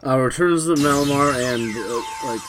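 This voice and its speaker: A man's voice: mid-range voice, moderate pace, over music. A man playing a tabletop role-playing game, hesitant with many ums and restarts. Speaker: player. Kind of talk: casual tabletop play.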